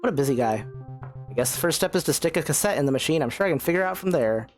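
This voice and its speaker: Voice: medium pitch, animated, rapid-fire, darkish tone. A young adult game streamer in casual let's-play chat, self-mocking, often stammering and swearing. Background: faint game music.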